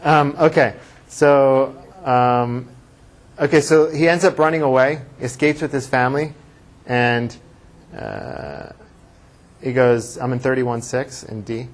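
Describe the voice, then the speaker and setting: A male rabbi gives a slow classroom lecture in a medium-pitched voice, thinking aloud and reading verses with emphasis. The class joins in with discussion.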